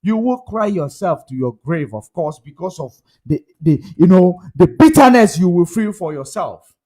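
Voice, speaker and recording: A man with a fairly high voice delivers a fervent commentary monologue. He talks emphatically and repeats his points, pressing the listener with rhetorical questions. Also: animated, moderate pace, dark tone. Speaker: commentary vlogger.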